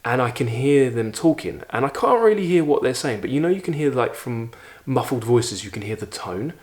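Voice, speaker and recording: A man's voice: mid-range voice, expressive, moderate pace, darkish tone. Man telling a dramatic story. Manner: vivid, dramatic retelling with frequent fillers. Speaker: YouTube host. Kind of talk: storytelling vlog.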